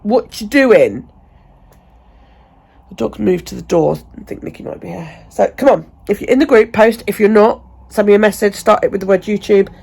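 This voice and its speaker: A woman's voice: medium pitch, moderate pace, creaky, a little mellow, husky. A woman vlogging at home in casual chat, ranting chattily and swearing freely.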